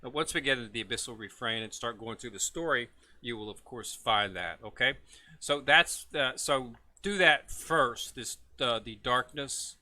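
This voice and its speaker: A man's voice: medium pitch, moderate pace, pushed and bright. A man casually talking viewers through a game update as a gaming video host, rambling, with many filler words and stumbling over foreign names.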